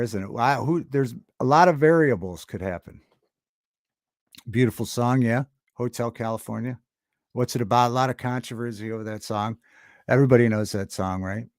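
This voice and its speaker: A man hosting a casual livestream, rambling and halting as he reads chat and greets viewers. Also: mid-range voice, no echo, studio quality. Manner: rambling, halting, with many restarts and chat shout-outs. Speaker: livestream host.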